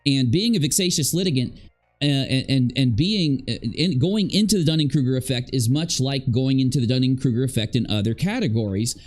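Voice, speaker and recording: A man's voice: mid-range voice, expressive, a little fast, darkish tone, faint music behind. A man hosting a commentary channel, ranting emphatically and rambling, repeating phrases while he eats and drinks. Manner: talking while eating and drinking.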